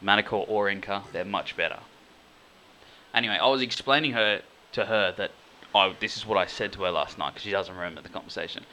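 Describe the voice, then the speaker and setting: A man's voice: fairly low pitch, brisk, bright, forceful tone, slight background noise. A man co-hosting a podcast, telling a rambling story in casual chat and laughing easily. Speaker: podcast co-host.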